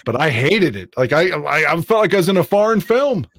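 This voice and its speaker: A man in casual sports chat, excitable and profane, rambling with restarts as he argues his points. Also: fairly high pitch, a little fast, no room sound. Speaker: co-host of a sports fan show.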